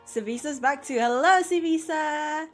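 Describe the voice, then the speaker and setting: Woman art streamer, playful banter, slightly high voice, faint music behind. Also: normal speed. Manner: playful, joking, laughs often. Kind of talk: casual chat on a live stream.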